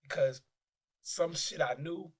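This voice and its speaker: A man with a Detroit accent, a podcast guest telling stories in casual, profane, animated talk with many restarts. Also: fairly high pitch, slow, husky. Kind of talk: casual interview chat.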